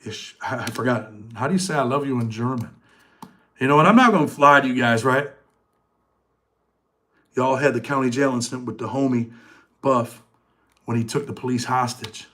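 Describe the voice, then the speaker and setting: A man's voice: medium pitch, normal speed, long pauses, a bit bright. A middle-aged man hosting a casual live chat, talking in loose street slang and answering viewers' comments. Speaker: channel host.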